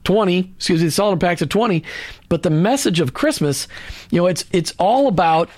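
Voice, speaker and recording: High-voiced man hosting Christian radio. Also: animated, a little fast, a little mellow. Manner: earnest, preachy, with many restarts and asides. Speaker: radio show host. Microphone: studio microphone.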